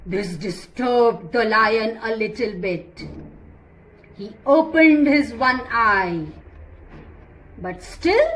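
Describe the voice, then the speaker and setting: A woman teacher telling a children's story in an animated way, often asking the children questions. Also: a little high, drawn-out words, long pauses.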